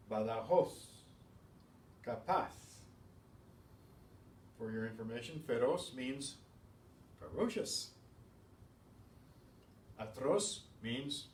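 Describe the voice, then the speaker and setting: Male language teacher, slow and deliberate, heard from across a roomy space with faint hiss. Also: medium pitch, distant mic. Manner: says each word loudly, then explains softly. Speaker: Spanish teacher. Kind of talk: slow, patient pronunciation drill. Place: class room.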